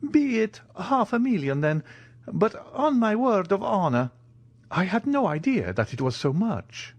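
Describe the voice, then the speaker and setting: A man's voice: sing-song, measured pace, no echo, exaggerated voice. Male narrator doing an old Italian soldier, timid and eager, voice pushed well above his own, dry close recording. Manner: high quavering eager voice.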